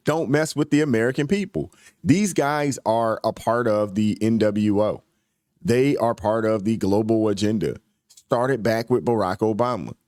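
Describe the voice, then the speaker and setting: A man's voice: mid-range voice, a little mellow, no room sound. A man hosting a reaction channel, giving casual, emphatic commentary with folksy slang.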